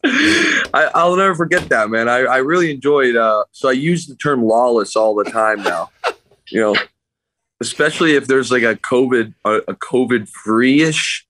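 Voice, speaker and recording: A man's voice: mid-range voice, animated, normal speed, a bit bright, a little hiss or hum. A man guesting on a podcast, joining over a remote call and telling a laid-back, rambling story with frequent chuckles. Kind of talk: casual storytelling chat.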